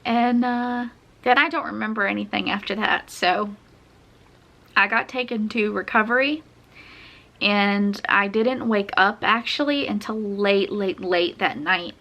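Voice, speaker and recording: Bright-voiced young woman telling a story. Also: medium pitch, measured pace. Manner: chatty, laughs often, uses many fillers. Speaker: vlogger telling her birth story. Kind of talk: casual storytelling.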